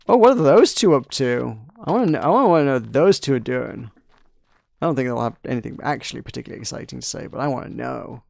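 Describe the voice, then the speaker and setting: Brief: male let's-player, gravelly and wry, close dry mic. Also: medium pitch, expressive, fast talker, darkish tone, no echo. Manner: wry, rambling. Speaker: game commentator. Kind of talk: casual let's play chat.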